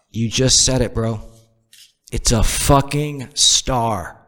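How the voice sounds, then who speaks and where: A man's voice: mid-range voice, slow pace, a bit bright. A man from the Northeast US delivering a profane comedic rant, firing off exasperated rhetorical questions.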